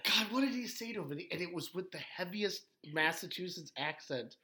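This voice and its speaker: Brief: male ex-wrestler guest, slightly high gravelly voice, rambling and laughing storyteller. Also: animated, fairly quick, bright, forceful tone. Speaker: former pro wrestler telling stories. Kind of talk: casual podcast chat.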